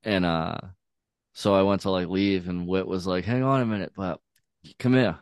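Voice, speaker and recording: A man's voice: low-pitched, fairly even intonation, moderate pace, dry recording, studio quality. A man telling a laid-back story as a podcast host, swearing often and filling his talk with "like" and "dude". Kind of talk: casual storytelling chat.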